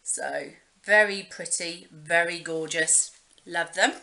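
A woman's voice: on the low side, slow, bright, forceful tone. A young woman chatting casually as she shows off gifts she got in the mail, rambling with lots of fillers. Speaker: beauty vlogger. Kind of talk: casual show-and-tell chat.

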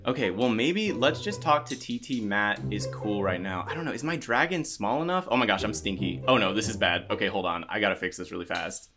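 A man giving excited, animated commentary while playing a video game, often exclaiming and reading chat aloud. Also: mid-range voice. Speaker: gaming YouTuber. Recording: music playing under the voice.

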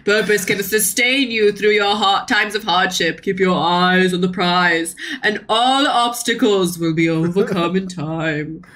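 A woman voicing a lofty, passionate male adventurer leader in a game, with grandiose, theatrical speech that climbs toward shouting. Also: medium pitch, unhurried, hardly any pauses, lightly acted. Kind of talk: playful game character voice-over.

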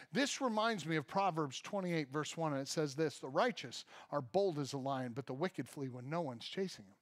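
High-voiced American pastor preaching. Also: male voice, lively intonation, normal speed, hardly any pauses. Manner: reads scripture aloud and acts out reactions with humor; addresses the congregation directly. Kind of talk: sermon. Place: church before a congregation.

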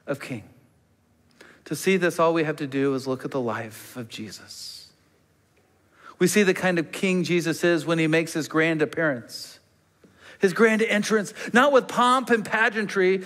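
A man preaching a sermon with emphatic rises that drop to a hushed near-whisper on key words. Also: high-pitched. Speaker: pastor. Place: church sanctuary. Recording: long church reverb.

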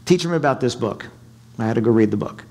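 A middle-aged man giving a sales seminar talk in a hotel conference room, animated and quizzing the audience. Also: mid-range voice, fast talker. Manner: animated, asks the audience questions, acts out quotes. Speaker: keynote speaker.

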